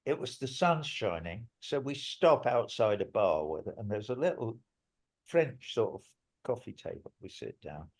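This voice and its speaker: A man's voice: lowish voice, big pitch swings, normal speed. An older man, a musician guest in an interview, telling stories in a rambling, emphatic way and swearing now and then. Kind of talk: interview storytelling.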